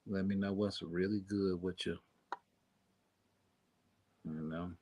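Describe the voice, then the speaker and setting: Male podcast host, lowish voice, loose chatty hype man who keeps rallying the audience. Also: steady tone, slow, a little mellow. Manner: hyped, repeats calls to the audience to come on in. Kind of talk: casual chat.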